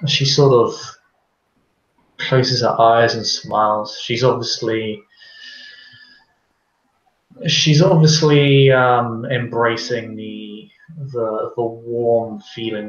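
A man's voice: fairly low pitch, steady tone, slow pace, fairly bright tone. A man role-playing at a tabletop game, speaking formally and scheming in character, with some hesitant restarts. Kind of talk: in-character role-play and narration. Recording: roomy, dull lo-fi sound.

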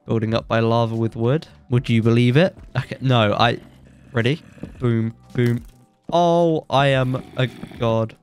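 A young man with a blocked nose, giving excitable, joking commentary while playing a game and yelping when surprised. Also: medium pitch, unhurried, soft background music. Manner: excitable, jokey boasting, yelps when surprised. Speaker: gaming YouTuber. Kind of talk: let's play commentary.

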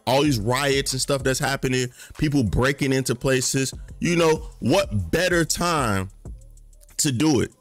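A commentary vlogger in his late twenties or thirties delivers a passionate, slang-heavy casual rant. His voice climbs high in outrage, then sinks to a low mutter.

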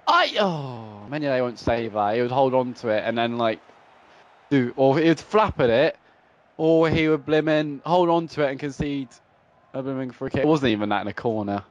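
A young man commentating his own football video game play, swinging between frustrated groans and excited shouts. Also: medium pitch, moderate pace, dull audio. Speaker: gaming YouTuber. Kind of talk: live gameplay commentary.

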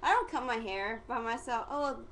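A woman's voice: a little high, expressive, normal speed, a bit bright, slight background noise, rough recording. A teenage girl vlogging casually, rambling and giggly, full of "like" fillers. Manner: chatty and giggly, heavy use of "like" fillers.

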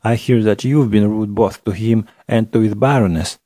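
A man's voice: lowish voice, normal speed, warm tone, no echo, clean studio sound, close to an everyday voice. A man doing a blustering old general. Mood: indignant. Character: pompous indignant older general.

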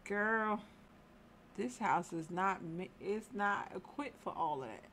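A woman's voice: medium pitch, animated, slow, music in the background. A woman casually commentating a life-simulation game, scolding the characters in exasperation. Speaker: gameplay commentator. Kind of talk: casual let's-play commentary.

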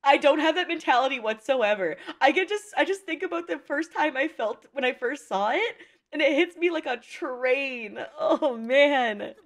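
A young woman chatting casually as she reacts to an anime movie, emotional and slangy, quick to laugh and tear up. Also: high voice, expressive.

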